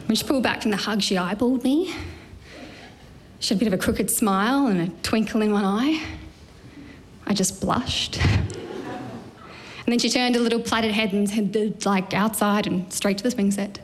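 A woman telling a lively, self-mocking personal story on stage. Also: mid-range voice, moderate pace, long pauses, a little hiss or hum.

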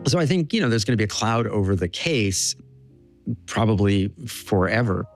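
A male law professor speaks plainly and directly in an interview. His voice sits on the low side. A faint music bed plays underneath. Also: expressive, normal speed. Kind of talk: interview answer.

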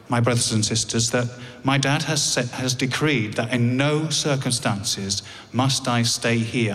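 An English man telling a personal story on stage, with a wry, halting delivery that repeats words. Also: medium pitch, fairly bright tone, big-room sound. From England.

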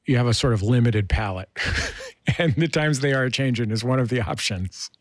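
A man's voice: mid-range voice, brisk, no echo, studio quality. A man hosting an interview, asking curious, conversational questions. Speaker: interview host. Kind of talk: radio interview.

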